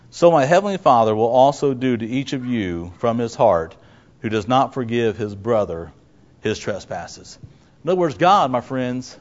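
A man's voice: medium pitch, muffled recording. A man preaching a sermon as a pastor, who often asks his listeners rhetorical questions and acts out the people he quotes.

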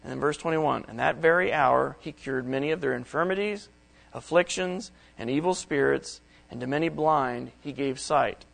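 A man's voice: mid-range voice, moderate pace, gravelly, fairly bright tone, low-quality recording. A middle-aged man preaching a Bible study sermon, reading verses aloud and explaining them plainly. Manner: reads scripture aloud, then explains it in plain words.

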